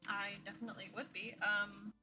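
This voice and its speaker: A woman playing a tabletop game, playful and quick to laugh. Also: mid-range voice, little pitch movement, sharp tone, soft background music. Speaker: player.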